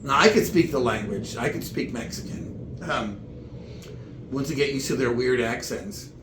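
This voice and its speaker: A man telling comic stories in meandering, halting chat full of restarts. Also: mid-range voice, roomy sound, noisy background. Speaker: comedian. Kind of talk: rambling comedic chat.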